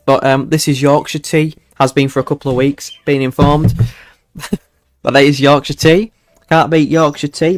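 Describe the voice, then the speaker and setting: A man's voice: a little high, no room sound. A young man hosting a casual livestream weather forecast, chatty and self-mocking, chuckling often as he talks to his viewers.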